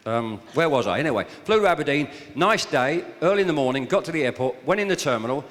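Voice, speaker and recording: A man's voice: a little high, animated, quick pace, fairly bright tone. Older southern English man, hall echo. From southern England. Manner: jokey, teasing the audience. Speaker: guest speaker. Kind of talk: after-dinner anecdotal speech. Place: function hall with live audience. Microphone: handheld or stand microphone. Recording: long echo of a large hall.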